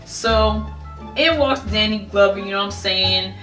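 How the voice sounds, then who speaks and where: A young woman telling a casual storytime, animated, bursting into high squeals when she quotes herself. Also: unhurried, far from the mic. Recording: echoey room, voice a bit off-mic, faint music behind.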